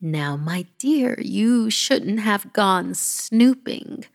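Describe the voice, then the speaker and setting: A woman voicing a stern but loving old grandmother who speaks slowly and in a half whisper. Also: medium pitch, expressive, gravelly, heavily acted. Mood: tender. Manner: hushed, half-whispered, slow and solemn. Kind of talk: horror story reading.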